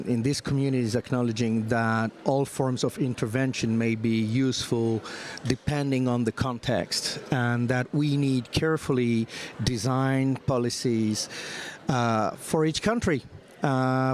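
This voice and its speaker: A man speaking as a special envoy on a conference panel, thoughtful and halting, with many fillers and restarts. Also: medium pitch. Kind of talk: panel discussion.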